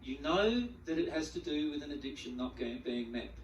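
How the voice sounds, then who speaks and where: A man giving a spiritual teaching talk to a group, animated, acting out the feelings he describes and often repeating words as he goes. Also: a little high, moderate pace, muffled recording, a little hiss or hum. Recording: echoey room, mic at a distance.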